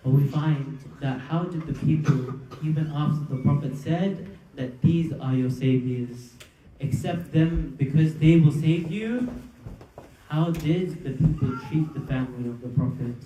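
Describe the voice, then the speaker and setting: A man's voice: a little high, unhurried, warm tone, a little hiss or hum. A man giving a religious sermon at a live gathering, telling a story in an earnest preaching manner and asking rhetorical questions. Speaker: majlis speaker. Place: gathering hall at a live majlis. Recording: echoey hall from far off.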